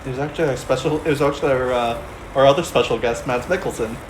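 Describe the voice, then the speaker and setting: Someone doing a deadpan Danish movie star. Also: medium pitch, fast, noisy background, pitched below the performer's own voice, lightly acted.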